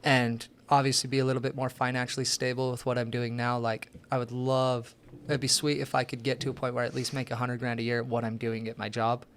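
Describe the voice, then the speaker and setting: A man's voice: mid-range voice, fast talker, slight background noise. A young man, an interview guest, telling rambling, profane stories in casual chat. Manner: profane, rambling, animated storyteller.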